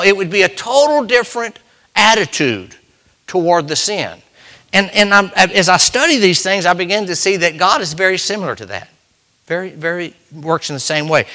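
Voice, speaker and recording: A man preaching a sermon in a conversational way, repeating key phrases and slowing down to stress them. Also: high-pitched, bright, forceful tone.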